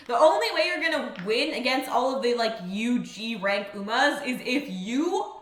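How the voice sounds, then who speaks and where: A young woman streaming a game, chatting in an excitable, rambling way with lots of fillers. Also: on the high side, normal speed. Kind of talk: casual live-stream chat. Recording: roomy echo with faint music.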